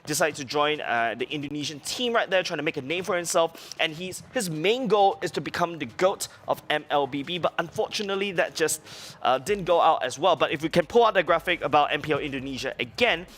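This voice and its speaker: A male studio analyst talks through tournament history with a lot of enthusiasm. He rambles a little, and his voice sits slightly high. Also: fairly quick, hardly any pauses, a bit bright. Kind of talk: esports analysis.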